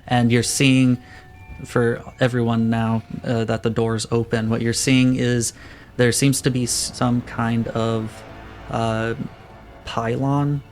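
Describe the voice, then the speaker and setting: A man's voice: medium pitch, little pitch movement, slow, faint music behind. A man narrating as game master of a tabletop role-playing game, casual, with many fillers.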